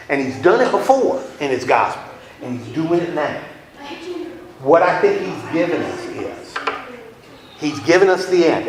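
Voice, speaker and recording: A man leading a Bible study class in a chatty, playful way, acting out little scenes for his listeners. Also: a little high. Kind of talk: casual Bible class lecture. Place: room with a class. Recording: echoey room.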